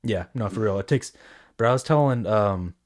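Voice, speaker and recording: Low-ish guy rambling on a movie podcast, lots of "like" and cussing. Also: moderate pace. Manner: rambling, many fillers and swearing. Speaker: podcast co-host. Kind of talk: casual movie review chat.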